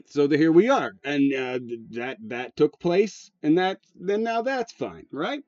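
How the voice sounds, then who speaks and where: A man's voice: a little high, lively intonation, measured pace, darkish tone, no echo. Rambling, profane man on lo-fi audio. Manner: rambling, profane, with frequent fillers and restarts. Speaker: channel host. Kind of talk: casual rambling commentary. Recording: dull lo-fi sound, dry, faint music.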